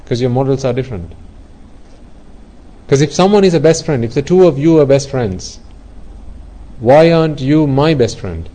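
A man's voice: mid-range voice, lively intonation, moderate pace, long pauses, warm tone, low-quality recording. A man giving an earnest Buddhist dharma talk, explaining ideas through everyday examples and often repeating himself. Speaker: Buddhist teacher.

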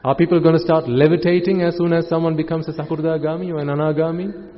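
A man, a Buddhist monk, giving a calm sermon full of rhetorical questions. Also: on the high side, quick pace. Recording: muffled, with long hall reverb.

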